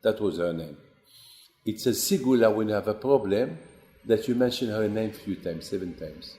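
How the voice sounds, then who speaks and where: Animated storytelling man. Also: normal speed, roomy sound. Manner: animated storyteller, acts out quotes with rising pitch. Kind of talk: Torah class storytelling.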